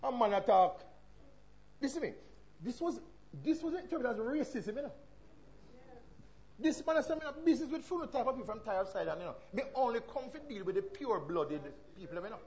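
A Jamaican man delivers a sermon in a strikingly high voice. He leans hard into his points, then falls quiet for rhetorical questions. The recording sounds slightly dull and muffled. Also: big pitch swings, a little fast, long pauses. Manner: emphatic preaching with sharp swings from loud to hushed. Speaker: preacher.

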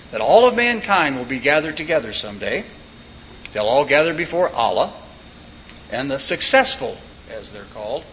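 A man's voice: on the high side, fairly bright tone. A man preaching a sermon in a folksy way, with joking asides and short told stories. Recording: dull lo-fi recording with faint background noise.

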